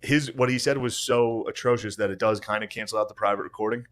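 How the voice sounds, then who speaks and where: A man's voice: on the low side, steady tone, quick pace, fairly bright tone. A man co-hosting a podcast, trading crude jokes in casual banter and slipping into mocking voices. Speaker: podcast co-host.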